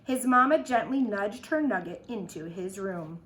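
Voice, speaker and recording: A woman's voice: medium pitch, lively intonation, measured pace, a bit bright. A woman teacher reading a picture book aloud to children, with chatty asides to the kids. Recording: echoey room.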